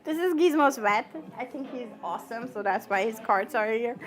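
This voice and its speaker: Lively woman cafe owner, acting out quotes. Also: fairly high pitch, moderate pace. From Germany. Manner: lively, acts out quoted dialogue, laughs often. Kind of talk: documentary interview.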